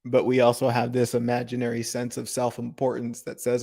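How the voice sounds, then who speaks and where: A man giving a calm, reflective spiritual talk on a live broadcast, asking gentle rhetorical questions. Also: mid-range voice, brisk, vocal fry. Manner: calm, contemplative, asks rhetorical questions, laughs softly.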